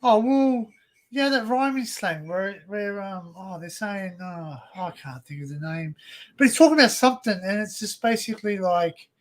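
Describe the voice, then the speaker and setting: An Australian man with a high voice hosting a casual live stream chat, rambling and restarting his sentences often. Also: normal speed, poor audio. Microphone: desktop USB mic.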